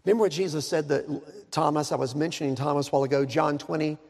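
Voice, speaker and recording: Male preacher, high gravelly voice, dramatic sermon with joking asides, reverberant hall. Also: steady tone, darkish tone. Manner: dramatic, slows down to stress words, joking asides.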